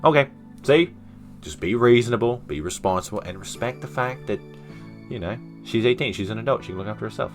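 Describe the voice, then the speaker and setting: A man streams a dating game in casual let's-play style, reading its dialogue aloud with playful, self-mocking asides. His voice is on the low side, briskly paced with lively intonation, and faint music plays behind.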